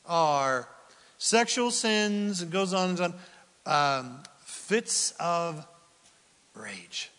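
A man preaches with a high, animated voice that swings widely in pitch as he acts out the quotes in his reading. He takes his time, drawing words out slowly. A long reverb trails behind him, as in a large church hall. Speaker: pastor. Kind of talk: sermon.

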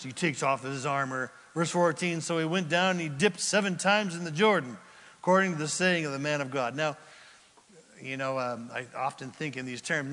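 A man preaching an expository sermon, animated, asking the congregation questions and acting out the characters in the story. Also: on the high side, big-room sound. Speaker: pastor.

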